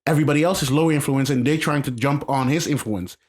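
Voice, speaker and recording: A mid-range male voice moves at a quick pace in casual podcast chat. As co-host, he stresses his points emphatically, repeats himself, and restarts sentences.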